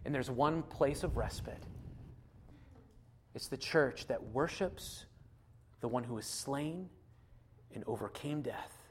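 A man preaching a sermon, swinging from loud, driven passages to soft, hushed appeals. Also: medium pitch, slow, long pauses, a little hiss or hum. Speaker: pastor.

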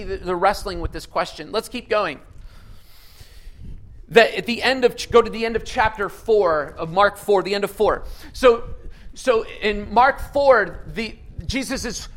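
A man's voice: extremely high pitch, fairly bright tone, poor audio. A man preaching a sermon with energy, asking the congregation questions and reading scripture aloud with dramatic emphasis. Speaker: pastor.

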